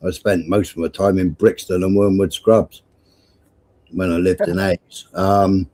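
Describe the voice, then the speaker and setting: Mellow-voiced man, swearing and rambling as a stream host. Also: low-pitched, level tone, unhurried. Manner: rambling, profane, repeats himself. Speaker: livestream host. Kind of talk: casual chat and storytelling.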